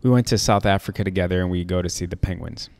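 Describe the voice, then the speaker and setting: Gravelly man hosting a heartfelt podcast. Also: deep voice, quick pace, darkish tone. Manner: open, emotional storytelling with many fillers. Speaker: podcast host. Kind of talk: casual heartfelt conversation.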